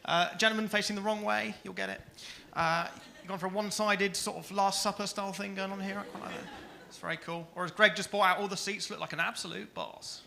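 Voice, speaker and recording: Guy doing stand-up at a club, deadpan jokes, highish gravelly voice, a bit of room noise. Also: fast. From Stoke-on-Trent area, England. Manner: deadpan, dry one-liners. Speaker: stand-up comedian. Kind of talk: stand-up routine. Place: comedy club stage.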